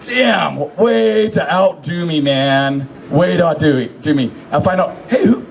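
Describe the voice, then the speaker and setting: A man telling profane, animated stories as a eulogy, acting out what people said. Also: fairly high pitch, slow pace, creaky, slight background noise, rough recording. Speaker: speaker at a memorial gathering. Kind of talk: informal eulogy storytelling.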